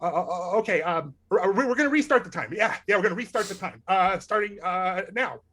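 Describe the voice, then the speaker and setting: A young man narrates a live tabletop game as its game master. His voice is a touch high and husky, and he rambles and stumbles through his fillers. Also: brisk, fairly bright tone.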